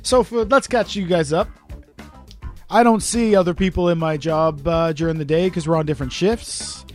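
Podcast co-host: a sarcastic, crude man in his thirties, pitched a little high, with faint music underneath. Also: moderate pace. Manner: crude, sarcastic, profanity-heavy. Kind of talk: casual banter.

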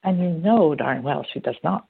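A woman's voice: mid-range voice, moderate pace. Chatty woman on a tinny line. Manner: chatty, animated storytelling with acted-out quotes. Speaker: guest. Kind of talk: casual conversational interview. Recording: phone-like narrow band.

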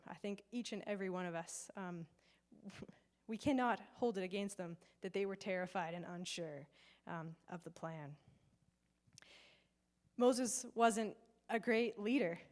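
A woman giving a conversational sermon to a live gathering, chatty and animated, with frequent fillers. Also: medium pitch. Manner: chatty and animated, acts out quoted voices, many fillers. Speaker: preacher. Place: in person before a live gathering with slides.

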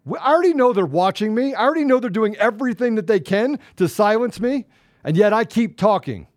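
A man co-hosting a political talk show, angry and emphatic, swinging between loud outbursts and low muttering. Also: expressive, a little fast, no echo, clean studio sound. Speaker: podcast co-host.

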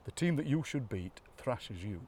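A man with a Yorkshire accent chatting on an outdoor walk, an animated storyteller who mimics local accents and laughs often. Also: medium pitch, moderate pace, husky, far from the mic. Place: outdoors by a graveyard.

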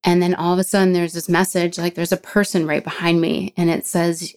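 Low-voiced woman telling a vivid story. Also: smooth. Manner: animated storyteller, acts out quoted voices, slows down when emotional. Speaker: guest. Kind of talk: casual storytelling interview.

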